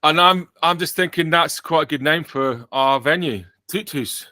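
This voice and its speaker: A man's voice: a little high, moderate pace, pushed and bright, dry recording. A British man hosting a podcast in casual chat, joking and rambling with frequent self-corrections. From Britain. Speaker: podcast host.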